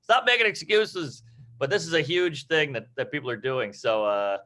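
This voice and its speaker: Bright-voiced man talking comedy writing. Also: mid-range voice, animated, moderate pace. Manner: rambling, profane, acts out quoted voices. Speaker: comedy teacher. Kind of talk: casual comedy-writing chat.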